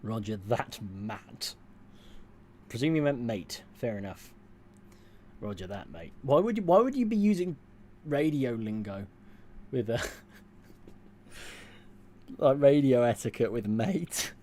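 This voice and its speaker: A man's voice: medium pitch, big pitch swings, unhurried, long pauses, dark tone. A man streaming, casually reading out chat comments and answering them in a dry, offhand way. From England.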